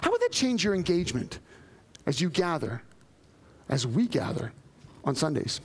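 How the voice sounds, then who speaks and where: A male pastor preaching a sermon with emphasis, repeating phrases, running through long lists and putting direct questions to the congregation. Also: high voice.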